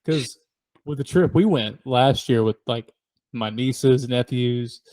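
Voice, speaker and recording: A man's voice: medium pitch, slow pace, darkish tone, no room sound. A middle-aged man, co-hosting a podcast in casual chat, rambling through stories, laughing often and mimicking noises. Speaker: podcast co-host.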